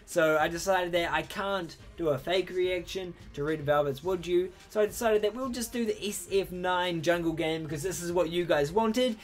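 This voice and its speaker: A man's voice: sits high, normal speed, hardly any pauses. A young man hosting a reaction video, talking casually and breaking into hyped exclamations. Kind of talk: excited reaction commentary.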